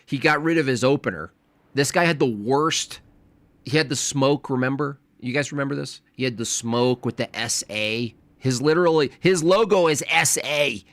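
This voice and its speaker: A man's voice: mid-range voice, moderate pace, fairly bright tone, no room sound. A man hosting a live stream, reacting to a debate clip in casual chat with a mocking, sarcastic manner.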